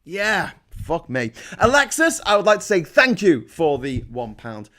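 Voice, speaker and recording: British guy livestreaming, high voice, swearing nonstop, angry sarcastic rant. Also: sing-song, measured pace, pushed and bright. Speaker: livestream host. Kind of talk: ranting political commentary.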